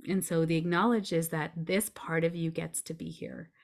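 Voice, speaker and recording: A woman with a notably low voice speaks as a podcast guest, explaining things in an earnest, reassuring way. She often checks in with her listener as she goes. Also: steady tone, normal speed, gravelly. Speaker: podcast guest, grief coach. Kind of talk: conversational explaining.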